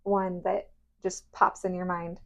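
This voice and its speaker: A woman hosting a casual podcast chat, an animated storyteller who laughs often. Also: on the low side, unhurried, creaky. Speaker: esthetician podcast host. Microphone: podcast mic.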